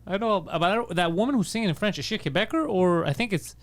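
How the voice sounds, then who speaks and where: Fast-talking male comedy podcaster. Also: high voice. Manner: rapid storytelling with crude humor. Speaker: podcast co-host. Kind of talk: casual comedy chat.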